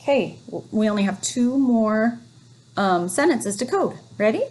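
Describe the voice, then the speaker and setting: A woman teacher leading a phonics lesson for young children, reading words slowly and encouragingly. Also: a little high, lively intonation, a little mellow. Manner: slow, encouraging, drawn-out reading.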